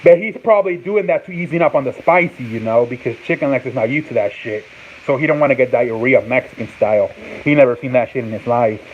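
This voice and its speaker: A man's voice: medium pitch, fast talker. A man hosting a sports talk show in casual live-stream chat, rambling and swearing and sounding words out over and over. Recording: tinny phone-like sound with faint noise.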